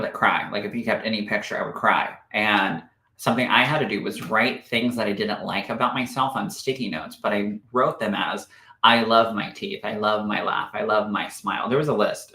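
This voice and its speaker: A man's voice: lowish voice, pushed and bright, roomy sound. A man hosting a live spiritual medium broadcast, reading viewer comments in a gushing, affectionate manner and calling people "my love.".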